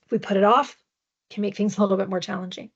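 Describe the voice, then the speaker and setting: A woman's voice: mid-range voice, fairly even intonation, fast talker, slightly rough, dull audio. A woman presenting a parenting webinar with slides, talking conversationally and often checking in with tag questions. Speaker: adoption parenting educator.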